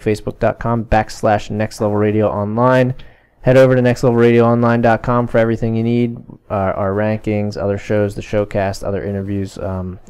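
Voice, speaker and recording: A man's voice: on the low side, a little mellow, clean tone. A man hosting a casual sports podcast, chatty and full of fillers as he reads off plugs and wraps up the show. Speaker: podcast host.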